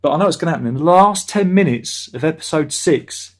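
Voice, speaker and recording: A man talking in a casual livestream chat, sarcastic and quick to get worked up. His voice sits a little high for a man. He rants about what annoys him. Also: expressive. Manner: ranting, sarcastic, quick to anger. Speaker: host of a review livestream. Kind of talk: casual chat, reading viewer comments.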